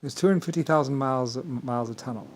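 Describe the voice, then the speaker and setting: A man's voice: mid-range voice, quick pace, poor audio. Male vlogger, rambling grandiose monologue, swears freely, mid-range voice.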